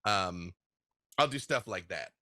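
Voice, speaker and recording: A lower-pitched man with a forceful, bright tone, talking as an interview guest. He tells his stories in an animated way and laughs easily. The recording is dry and close. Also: slow pace, no echo. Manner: animated storyteller, laughs often. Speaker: guest game master. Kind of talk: casual interview chat.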